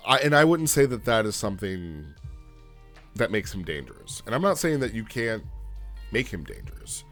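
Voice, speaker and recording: A man giving a casual, rambling spoken review of a roleplay log, halting and often checking in with "right?". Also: on the low side, very animated, a bit bright, faint music behind.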